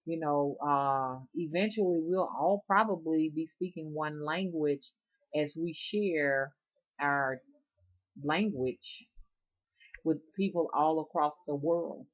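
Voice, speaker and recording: A middle-aged rootworker vlogger from the Deep South chats casually with her viewers in a low, homey voice with a strong Alabama accent. She rambles in a folksy, unhurried way, reminiscing, addressing them directly and chuckling often.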